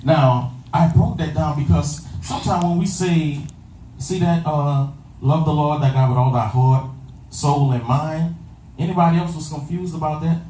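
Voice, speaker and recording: A man's voice: on the high side, moderate pace, dark tone, a little hiss or hum. Preacher man calling to his congregation. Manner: call-and-response, repeats phrases, asks "you understand that?". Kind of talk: sermon. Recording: echoey room from far off with faint ambience.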